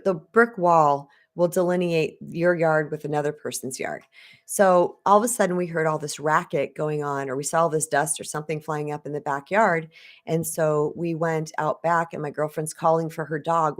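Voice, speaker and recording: A woman with a fairly low voice tells a personal story on a live stream. She is a spiritual coach who talks in a chatty, conversational way and speaks straight to her viewers. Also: fairly even intonation, normal speed. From Arizona.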